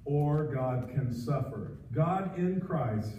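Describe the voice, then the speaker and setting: A man preaching a conversational sermon as pastor, pausing often with fillers, recorded in a church sanctuary. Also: on the high side, expressive, warm tone. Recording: echoey, distant, dull livestream sound.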